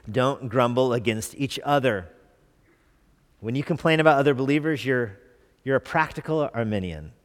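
Man preaching a conversational sermon in a reverberant church. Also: fairly low pitch. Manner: conversational, asks the congregation questions. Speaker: pastor.

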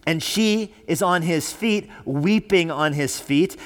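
Slightly high-voiced preaching man. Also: slow. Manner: preaching with rising emphasis and repetition. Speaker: pastor. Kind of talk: sermon. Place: church sanctuary.

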